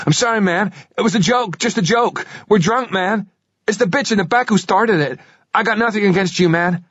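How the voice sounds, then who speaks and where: A man voicing a young, drunk American man with a high, strained voice, in an audiobook reading. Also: normal speed, no room sound, lo-fi sound, natural voice. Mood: panicked.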